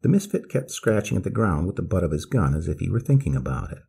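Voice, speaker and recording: A man reading a story aloud in a slow, measured manner. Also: deep voice, big pitch swings, gravelly, mellow, husky.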